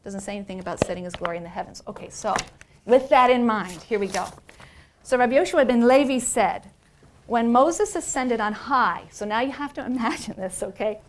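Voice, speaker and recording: A middle-aged woman professor lecturing on religious texts, animated and playful, often asking "right?". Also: medium pitch, quick pace, slight background noise.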